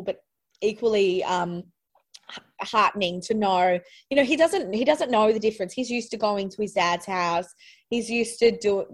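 A woman, a podcast guest talking candidly and reflectively, often trailing off and starting over. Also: mid-range voice. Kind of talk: candid conversational interview.

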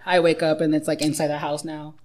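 A woman chatting as a podcast guest, blunt and quick to laugh. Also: low voice, level tone, a loud crowd. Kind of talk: casual chat.

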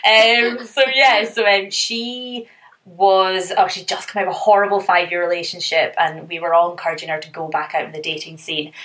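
A woman's voice: lowish voice, steady tone, moderate pace, fairly bright tone. A young woman co-hosting a casual podcast, telling dating stories in a chatty way with lots of fillers and laughs. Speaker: podcast co-host. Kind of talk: casual chat.

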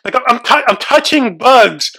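Jittery young man, bright tense voice. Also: very high voice, lively intonation, moderate pace, creaky. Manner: nervous, jittery, swearing freely. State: shaky and freaked out. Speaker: podcast co-host. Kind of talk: casual chat.

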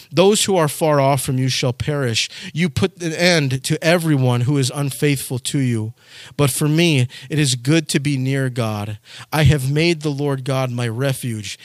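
Guy preaching a sermon, kinda high voice, gets urgent and pleading, dry sound no room. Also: a bit bright, no echo. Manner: earnest, rising to urgent exhortation. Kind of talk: sermon with scripture reading.

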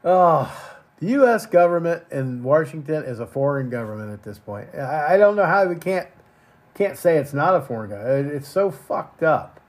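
Man, podcast host, angry rant, profane, crude, repeats words, highish voice. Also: big pitch swings, moderate pace. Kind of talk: profane ranting monologue.

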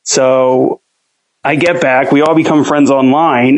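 Speaking slowly in a mid-range voice, a young home cook rambles through a long story as an interview guest. He swears freely and acts out what people said with animation. The recording is rough.

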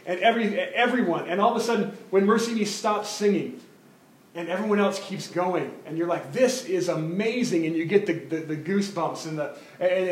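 Pastor guy giving a sermon, kinda high voice, gets animated and repeats himself, roomy echo. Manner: animated, repeats words while searching.

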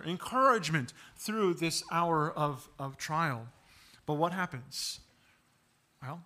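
A man preaches a sermon in a high, pushed, bright voice. He earnestly poses rhetorical questions, acts out bits of dialogue, and repeats words as he builds his points.

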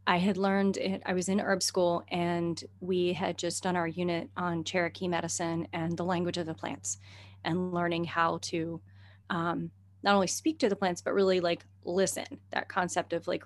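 A middle-aged woman, a herbalist and naturalist, telling a story in casual conversation, animated and chatty, often laughing and using many fillers. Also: lowish voice, normal speed.

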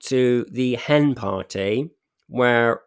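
A man co-hosting a casual review chat, recapping scenes in an animated way and acting out lines with frequent laughs. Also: medium pitch, very slow, smooth, no room sound, studio quality. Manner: animated storytelling, acts out lines, laughs often. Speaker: podcast co-host reviewing a TV episode.

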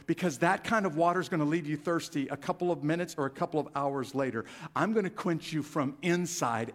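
A man preaching a sermon as pastor, rising in volume and emphasis on key phrases. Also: on the high side. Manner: animated preaching, swelling louder on key phrases.

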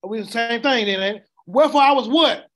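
A man with a very high voice preaches verse by verse, throwing questions at his listeners and waiting for them to finish his lines. He often stumbles into repeated words before pressing on. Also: fast, fairly bright tone. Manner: call-and-response questioning, stammering repeats. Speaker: preacher teaching scripture. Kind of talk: interactive sermon.

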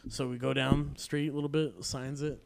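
A man's voice: mid-range voice, little pitch movement, a little fast, vocal fry, a little hiss or hum. A man telling a long, profane story to friends in a casual chat, laughing often as he goes. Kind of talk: casual anecdote among friends.

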